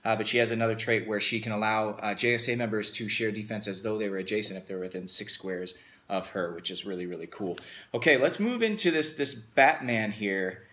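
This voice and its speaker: A man's voice: fairly low pitch, brisk, bright, forceful tone. A man hosting a casual unboxing video, talking with upbeat enthusiasm. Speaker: host.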